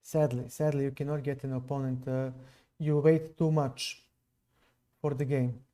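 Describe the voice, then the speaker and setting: Male chess streamer from Serbia, non-native English accent, slow unhurried delivery, soft dark tone. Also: mid-range voice, flat delivery. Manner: slow, musing, chats with viewers between moves. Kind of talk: live stream commentary while playing.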